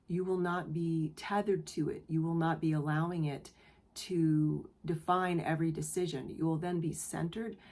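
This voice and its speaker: Woman, tarot reader, earnest, gentle, emotional, low-pitched. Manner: gentle, earnest, affirming; emotional, near tears. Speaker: tarot reader, channel host. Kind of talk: spiritual tarot reading to camera.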